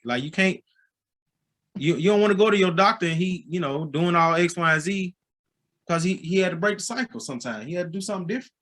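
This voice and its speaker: A man in his forties, a high school basketball coach with a Southern American accent, telling stories in a casual interview and getting loud and animated as he goes. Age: 40s. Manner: storytelling, gets loud and animated when excited.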